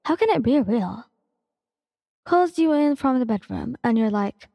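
A woman's voice: on the high side, animated, measured pace, vocal fry, warm tone, no echo, studio quality, big-room sound. A woman reading fan fiction aloud in a casual, slangy way with playful cursing.

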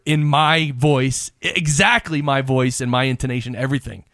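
Host, male, mid-pitched, chatty and laughing, dry close mic. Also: a bit bright, no room sound. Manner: chatty, quick to laugh, many fillers like "like". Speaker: podcast host. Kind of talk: conversational interview.

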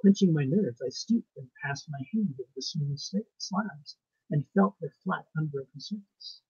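A man reading his ghost story aloud with a measured, suspenseful delivery and pauses. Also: a little high, lively intonation, a little mellow, slightly rough, no room sound. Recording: muffled lo-fi recording.

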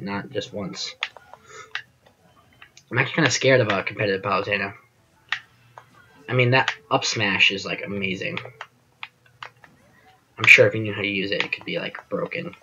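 A man's voice: on the low side, normal speed, pauses often, dull audio, background noise. A man giving casual gameplay commentary as host of his channel, rambling and self-deprecating, often trailing off with fillers.

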